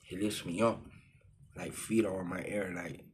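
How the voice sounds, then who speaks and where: A man's voice: low-pitched, fairly even intonation, moderate pace, a little hiss or hum. A man casually telling a personal story in profane street slang, full of fillers like "you know what I'm saying".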